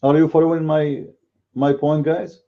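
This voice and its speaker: A man's voice: on the high side, flat delivery, normal speed, lo-fi sound. A man whose first language is Arabic, giving blunt, combative commentary as a Christian apologist in a casual video. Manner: blunt and combative, speaks bluntly by his own account.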